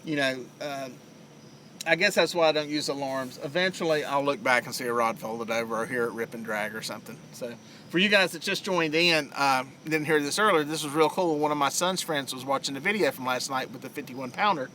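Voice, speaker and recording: Outdoors by a lake, a middle-aged man with a Southern US accent hosts a live fishing stream, chatting casually to viewers and rambling with plenty of fillers. His medium-pitched voice is bright and forceful and a little fast, with a little hiss or hum.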